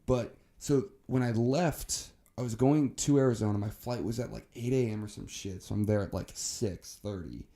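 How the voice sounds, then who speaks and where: A man's voice: fairly low pitch, moderate pace, few pauses, dark tone. A young man co-hosting a podcast in casual chat, ranting heatedly and swearing a lot. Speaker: podcast co-host.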